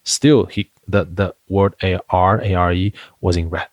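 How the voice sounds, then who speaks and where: A man's voice: deep voice, a little slow, no echo, lo-fi sound. A man who founded a company, telling stories in an interview, with lots of fillers and restarts. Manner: animated storyteller, many fillers and restarts. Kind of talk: interview conversation.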